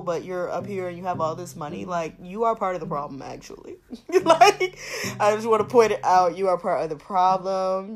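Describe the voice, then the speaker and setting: Candid, slangy young woman over music. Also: lowish voice. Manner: candid, emphatic, slangy, repeats for emphasis. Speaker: podcast host. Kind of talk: casual monologue. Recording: music playing underneath.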